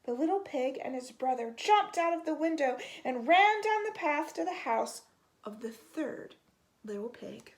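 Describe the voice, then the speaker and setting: A woman reading a children's picture book aloud, expressive and stretching out the sound words. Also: high-pitched, unhurried. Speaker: storytime reader.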